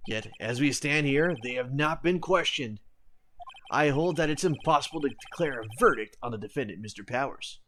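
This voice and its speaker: A man's voice: mid-range voice, animated, moderate pace, a bit bright, slight background noise, close to an everyday voice. A man voicing an earnest young defense lawyer, making formal courtroom arguments in a fan voice-over. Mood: insistent.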